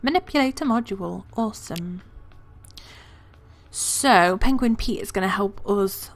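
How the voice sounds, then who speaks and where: A woman hosting a let's play, chatting casually and excitedly about what she sees in the game. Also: medium pitch, a little slow. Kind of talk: casual gameplay commentary.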